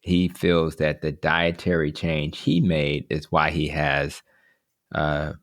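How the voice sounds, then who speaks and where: A man who is a doctor hosting a podcast interview, talking casually and giving friendly, enthusiastic shout-outs. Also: rumbling low, flat delivery, slow, no echo, clean studio sound.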